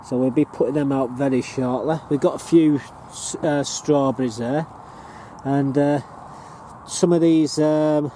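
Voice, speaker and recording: A northern English man with a very dark, mellow voice, rambling chattily as he walks his allotment plot. He talks plainly into a handheld camera, with faint outdoor noise behind him. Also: a little high, steady tone, measured pace. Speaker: allotment gardener and vlogger. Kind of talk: casual walking tour.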